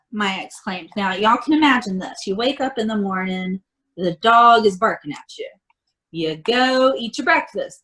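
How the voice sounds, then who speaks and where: A woman reading a picture book aloud to children, chatty and animated, often laughing. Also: on the high side, low-quality recording. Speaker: storybook reader.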